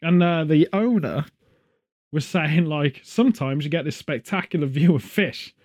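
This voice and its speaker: A man's voice: a little high, normal speed, darkish tone. A man hosting a casual podcast chat, rambling from one story to the next with jokey asides and puns. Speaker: podcast host.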